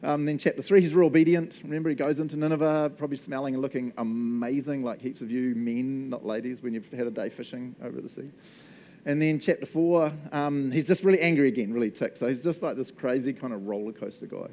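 A man's voice: medium pitch, fast, dark tone. A man with a New Zealand accent preaching a sermon in a jokey manner, laughing often. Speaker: pastor.

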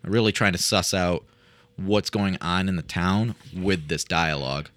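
A man's voice: sits low, steady tone, measured pace, a bit bright, dry recording. A man co-hosting a podcast in casual chat, easygoing and agreeing, with dry asides. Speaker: podcast co-host.

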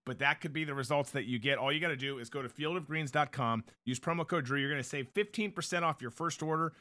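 A man's voice: on the high side, fast, sharp tone. A man hosting a live online talk show, chatting casually, joking, reading out viewer comments and ad reads. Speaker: host of a live political show.

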